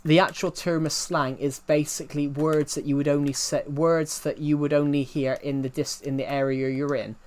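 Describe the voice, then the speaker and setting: His voice on the high side and darkish in tone, the young British streamer talks at a moderate pace with fairly even intonation and hardly any pauses. The non-London accent comes through as he rambles casually, repeating himself with many "um"s and "if you get what I mean."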